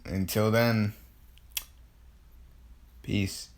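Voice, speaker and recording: A man voicing a calm, laid-back male ninja mentor who talks quietly and matter-of-factly. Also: on the low side, very slow.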